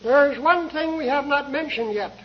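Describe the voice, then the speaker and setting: Captured on a dull lo-fi old tape, an older man delivers a sermon in a slow, measured, earnest manner. His voice is very high, and he asks rhetorical questions.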